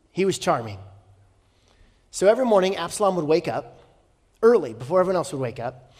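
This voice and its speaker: High-voiced preacher in an echoing hall. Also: male voice. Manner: storytelling, rhetorical questions, shifts from loud to hushed. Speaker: pastor. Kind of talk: sermon. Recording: long hall reverb.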